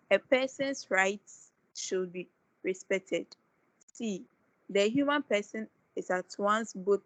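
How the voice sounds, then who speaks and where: A woman's voice: mid-range voice, no echo, poor audio. A woman student reads quiz questions aloud over a video call, going through each lettered option with small hesitations. The sound is dry, with no room around it.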